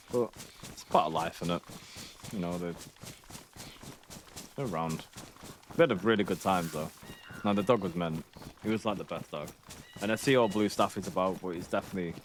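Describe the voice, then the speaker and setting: Male streamer, thirties, deep low voice, rambling sweary anecdotes, laid-back. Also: a little hiss or hum. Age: 30s. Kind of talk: casual chat while gaming.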